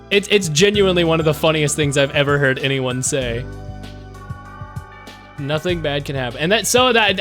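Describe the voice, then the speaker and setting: A man streaming a game live, chatting casually with his viewers, excitable and swearing freely. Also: a little high. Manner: excitable, swears, talks to chat.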